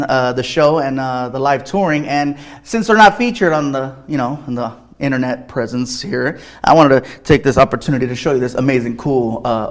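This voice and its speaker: A man hosting a comedy highlight show, introducing it loudly and energetically with many "uh" fillers. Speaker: host.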